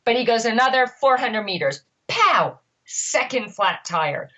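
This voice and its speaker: A middle-aged woman, a triathlon coach co-hosting a podcast, telling a story in an animated, emphatic way. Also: on the high side, normal speed, highs cut off.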